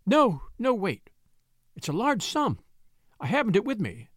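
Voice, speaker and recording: Storybook role: a trembling widow, stammering, pleading, voiced by a man, high and wavering. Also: big pitch swings, normal speed, no echo, clean studio sound. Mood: frightened. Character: frightened genteel widow, woman, middle-aged.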